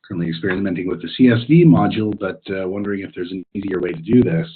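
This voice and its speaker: A man with a deep, low voice talks through audience questions in a relaxed, thinking-aloud manner, filling pauses with ums and uhs. The sound is narrow and tinny, like a phone line. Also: slight background noise. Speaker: technical expert answering audience questions. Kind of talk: webinar Q&A explanation. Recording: tinny phone-like webinar audio.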